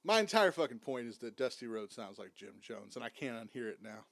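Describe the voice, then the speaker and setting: A man's voice: medium pitch, sing-song, brisk, fairly bright tone, no echo. A man hosting a watchalong stream, mocking and swearing through casual commentary while clips play. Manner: mocking, swears a lot, talks over clips. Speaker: stream host.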